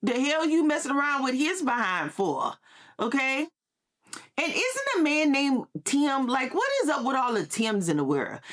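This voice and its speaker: Woman commentator, sassy and emphatic, a touch high-pitched. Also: very animated, a little slow, a bit bright. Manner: sassy, emphatic, repeats points. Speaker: social media commentator. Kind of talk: casual gossip commentary.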